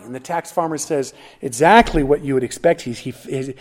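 A man preaching with a high voice, pressing hard on key words. He works through the passage verse by verse, often restarting phrases mid-thought. The delivery is animated and earnest. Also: brisk. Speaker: pastor. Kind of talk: expository sermon.

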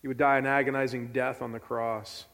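A man's voice: medium pitch, little pitch movement, fairly quick, creaky, fairly bright tone, in a large hall. A man preaching a sermon as pastor, earnest and emphatic, repeating key phrases.

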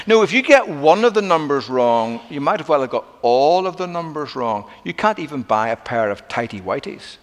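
A middle-aged male pastor delivers an emphatic sermon in a slightly high voice. He slows down and sinks to a near hush to land his points. His voice rings with the long reverb of a large hall. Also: sing-song. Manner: emphatic preaching with dramatic slowdowns and drops to a hush.

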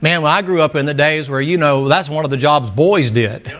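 A man's voice: fairly high pitch, fairly quick, a bit bright. A middle-aged male pastor from the American mountains, preaching a sermon in a folksy, storytelling way with humorous asides. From American mountain region.

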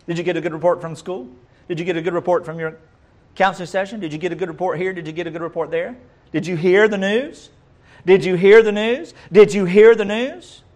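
Male preacher, fairly high voice, emphatic sermon style with lots of repeated rhetorical questions. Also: a bit bright.

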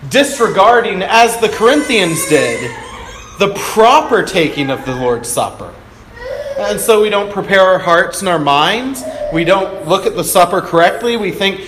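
A man's voice: on the high side, animated, measured pace, a bit bright, a little hiss or hum. A man preaching a sermon to his congregation, teaching earnestly with frequent fillers and restarts and rising emphasis on key words. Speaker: pastor. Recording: echoey hall with faint ambience.

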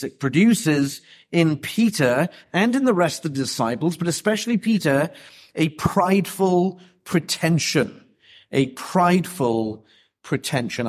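A man preaching an expository sermon, emphatic and deliberate, with rhetorical questions. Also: mid-range voice.

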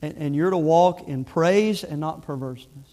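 A middle-aged man preaching a sermon, his voice sitting a little higher than most men's. He talks earnestly and conversationally to his congregation, often restarting his sentences as he reaches for the point. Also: moderate pace, mellow. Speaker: pastor.

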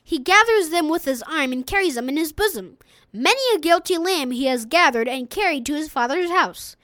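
Woman reading a sermon audiobook, earnest, measured, high and very sing-song. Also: animated, a bit bright, no room sound. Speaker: audiobook reader.

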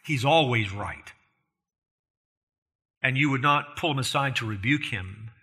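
Unhurried and husky, a man with a mid-range voice and a bright, forceful tone preaches an expository sermon. He speaks earnestly and emphatically, often asking his listeners rhetorical questions and pressing harder on the key points.

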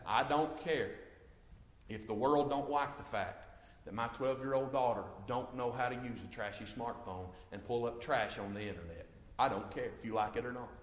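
A man's voice: mid-range voice, normal speed. Impassioned preacher man in an echoey church. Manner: impassioned preaching with swings from quiet to loud. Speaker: pastor. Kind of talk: sermon. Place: church sanctuary.

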